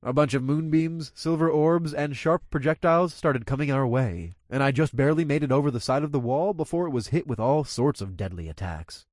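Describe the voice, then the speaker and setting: A man's voice: fairly high pitch, brisk, hardly any pauses, darkish tone, dry recording, studio quality. Man narrating a profane first-person story.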